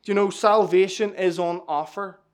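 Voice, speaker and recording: A man preaches with urgent, pleading emphasis and keeps coming back to the same phrases. His voice sits high for a man. It is a plain evangelistic sermon aimed straight at the listener. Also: steady tone, normal speed.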